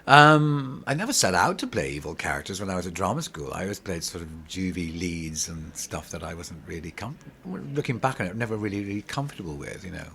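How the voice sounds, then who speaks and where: A middle-aged man, a pantomime actor, telling animated, rambling stories in an interview, full of restarts. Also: low-pitched, fairly quick, gravelly, hardly any pauses, a little hiss or hum. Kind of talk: casual interview storytelling.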